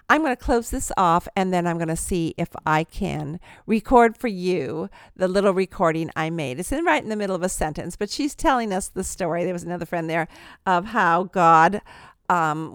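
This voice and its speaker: Animated woman in her sixties telling stories. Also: lowish voice, no room sound, clean studio sound. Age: 60s. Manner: animated storyteller, laughs often. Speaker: podcast host. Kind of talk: storytelling podcast talk.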